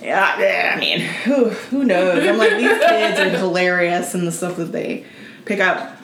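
A woman in her thirties chatting casually as a podcast co-host. She tells animated stories, acts out other people's lines and laughs often. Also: on the low side, measured pace, a crowd in the background. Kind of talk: casual chat. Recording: roomy echo with faint background noise.

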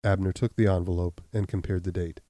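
A man reading a story aloud in an even, measured narration. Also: low voice, no echo. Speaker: audiobook reader. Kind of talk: scripted narration.

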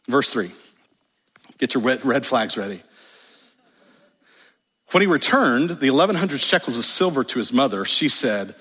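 A man preaching a sermon as pastor in a church, animated and emphatic, with wry humorous asides. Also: mid-range voice, measured pace, pauses often, slightly rough. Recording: long reverb of a large hall.

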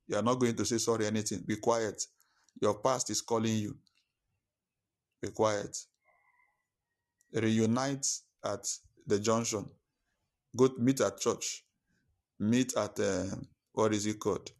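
A man delivers a Sunday sermon at an ordinary pitch, hammering his points home. He repeats key phrases for emphasis and talks straight to the congregation. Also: a little slow, long pauses. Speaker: preacher.

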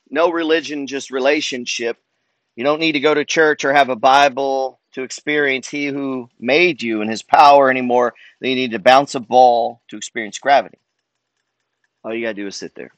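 A man's voice: mid-range voice, fairly bright tone, dry recording. A man giving a motivational monologue as a wealth and trading coach, emphatic and preacher-like, swearing freely.

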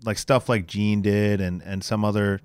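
A man hosting a casual interview, asking relaxed questions and giving short affirmations. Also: fairly low pitch, moderate pace, clean tone, no echo. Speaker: host.

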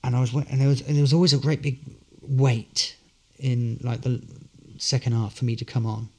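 A man's voice: mid-range voice, flat delivery, normal speed, warm tone. An actor, a man, telling good-humoured, rambling anecdotes as a guest in a casual interview.

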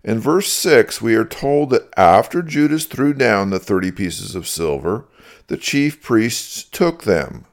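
A man reading a prepared Bible teaching in a measured, methodical way, marking each quotation aloud. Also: on the low side, very animated. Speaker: Bible teacher answering critics. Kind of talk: scripted reading.

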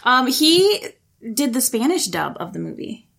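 A woman's voice: high-pitched, big pitch swings, a little slow, vocal fry, fairly bright tone. Chatty young woman co-hosting a podcast. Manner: chatty, laughs often, many fillers. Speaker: podcast co-host. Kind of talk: casual chat reviewing films.

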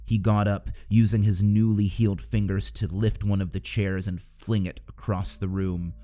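A man narrating a dark story in a steady, subdued storytelling manner. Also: on the low side, moderate pace. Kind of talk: scripted audiobook narration.

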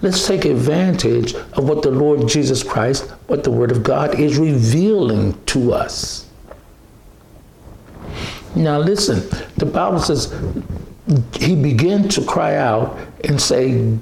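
Slow gravelly-voiced man preaching. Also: on the high side, expressive, darkish tone, reverberant, slight background noise. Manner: slow, emphatic, repeats phrases, many restarts. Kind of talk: sermon.

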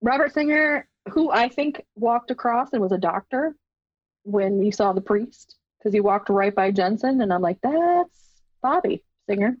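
A woman co-hosting a casual podcast, excitable and profane, laughing often. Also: medium pitch, normal speed, no room sound, dull audio. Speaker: podcast co-host.

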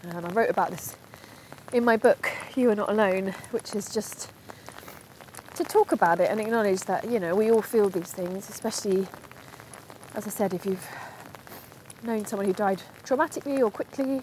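A woman's voice: medium pitch, moderate pace, a little mellow, a little hiss or hum, poor audio. A woman, a podcast host, talking in a rambling, chatty way while walking outdoors through a park in the rain, laughing at herself now and then. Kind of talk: casual spoken monologue while walking.

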